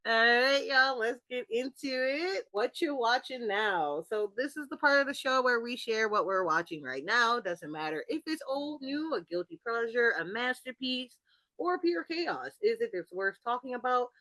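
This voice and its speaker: A woman's voice: a little high, lively intonation, normal speed, bright, forceful tone, no echo. Dry, playful woman co-host. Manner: laughs often, playful. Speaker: podcast co-host. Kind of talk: casual movie chat.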